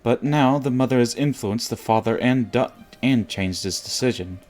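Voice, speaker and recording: A man voicing a scheming, ambitious young woman researcher, reading game dialogue aloud in a low, even voice. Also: normal speed, natural voice. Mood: brooding.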